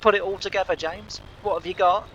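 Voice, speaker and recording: A man's voice: high voice, fairly even intonation, brisk, a bit bright, dull audio, a little hiss or hum, pitched above the performer's own voice. A man putting on the voice of a teasing farmhand who mocks a gullible friend.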